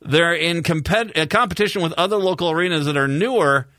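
A man's voice: a little high, a little fast, sharp tone, no echo, studio quality. A male radio talk show host from Minnesota, chatting casually with rambling repeats and sarcastic asides. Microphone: studio microphone.

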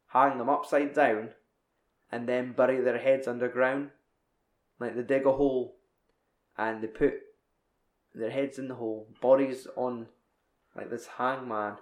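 A young man tells a film's story in a loose, sweary ramble. His voice sits at an ordinary middle pitch and rings around an echoey room. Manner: rambling, sweary film recap. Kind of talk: casual chat.

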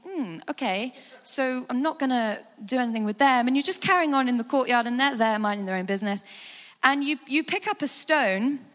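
A woman speaker giving a guided imagination talk, animated and conversational with frequent fillers. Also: high-pitched. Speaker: church speaker. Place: large hall with a sound desk. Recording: long hall reverb.

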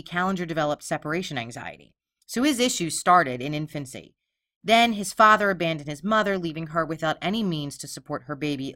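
A woman with a low voice narrates a true-crime case in a casual podcast style. She is blunt and sarcastic and swears freely. The recording is dry and close. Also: fairly bright tone, no room sound. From Philadelphia. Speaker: podcast host.

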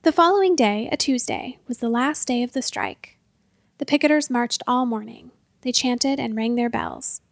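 A woman's voice: on the high side, creaky, no echo, studio quality. Woman reading a storybook aloud. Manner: expressive, measured storytelling. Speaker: narrator. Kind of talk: storybook narration.

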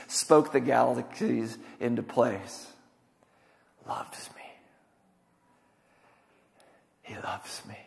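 Male pastor, somewhat high gravelly voice, emphatic sermon delivery. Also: in a large hall. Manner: emphatic, swinging from loud to hushed.

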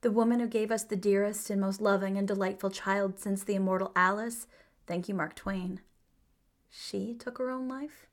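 A woman's voice: medium pitch, steady tone, normal speed. A woman co-hosting a podcast, narrating from a script in an emphatic, playful way. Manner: emphatic and playful, with big swings of feeling. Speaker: podcast co-host.

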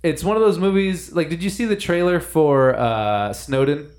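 A man's voice: fairly high pitch, normal speed. A man hosting a podcast, chatting casually and telling stories with jokes. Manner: joking, animated storytelling. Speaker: podcast host. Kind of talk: casual chat.

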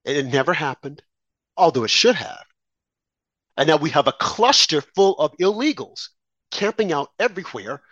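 A man's voice: fairly high pitch, lively intonation, normal speed, no room sound, lo-fi sound. A man giving heated, sarcastic political commentary as a guest, speaking indignantly to the host. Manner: indignant, sarcastic, rising to shouts.

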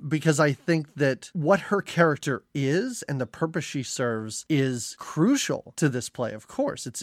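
A man's voice: medium pitch, no room sound, studio quality. A man on a podcast thinking aloud about a film, hedging and rephrasing as he goes. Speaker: podcast co-host. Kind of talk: casual film discussion.

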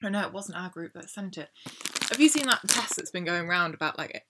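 A woman's voice: lowish voice, expressive, fairly quick, background noise. A woman in her twenties with an East Midlands English accent, co-hosting a casual chat podcast. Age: 20s. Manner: chatty, questioning, laughs easily. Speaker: podcast co-host.

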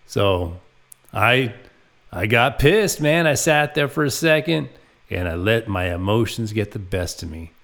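Gravelly-voiced man telling crude stories. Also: fairly low pitch, big pitch swings, measured pace, fairly bright tone. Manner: profane, rambling storytelling with acted quotes. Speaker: comedic podcast host. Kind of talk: crude comic monologue.

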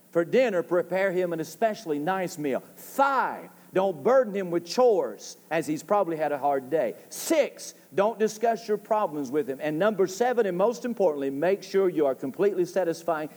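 A man's slightly high, darkish voice carries lively intonation at a moderate pace as he delivers a folksy, joking sermon in a church sanctuary. He builds toward emphatic calls for an amen, with the long reverb of the church hall audible.

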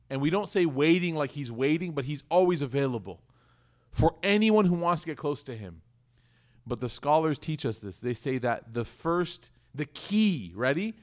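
Man, religious talk, conversational, asks the audience questions, slightly high voice. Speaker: Islamic teacher. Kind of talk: sermon to a live audience.

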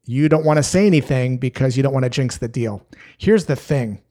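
Calm, measured male sales coach. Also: medium pitch. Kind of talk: scripted tips to camera.

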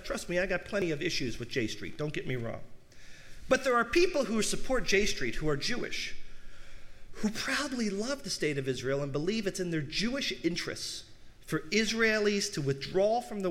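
Man, high voice, sermon, rhetorical questions, long hall echo. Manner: rhetorical questions, addresses the congregation; swings between soft low asides and raised emphatic peaks.

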